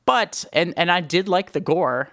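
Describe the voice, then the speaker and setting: A young man co-hosts a movie talk stream, chatty and opinionated, calling himself a film snob and laughing often. His voice is high-pitched, expressive, unhurried and creaky, with a fairly bright tone in a dry, studio-quality recording.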